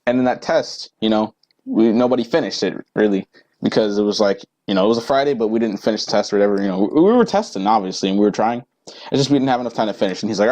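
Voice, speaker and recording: A man's voice: mid-range voice, animated, fast talker, darkish tone, rough recording. A teenage boy ranting casually to camera, rambling and profane with lots of fillers. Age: teens. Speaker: vlogger.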